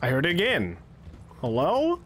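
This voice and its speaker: Excitable male streamer, lively pitch. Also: moderate pace, a little hiss or hum. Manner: excitable, swears and yells at the game; chats with his chat between gameplay. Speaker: streamer playing a horror game. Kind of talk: casual live-stream commentary. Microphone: streaming microphone close to his face.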